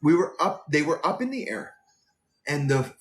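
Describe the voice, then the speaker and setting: A man who works as a flight attendant, telling a rambling, animated story on a live stream. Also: fairly high pitch, moderate pace.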